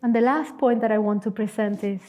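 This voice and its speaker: A woman with a non-native English accent, preaching a sermon as a guest speaker in a church, in an earnest, emphatic storytelling manner with dramatic pauses. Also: medium pitch, dark tone.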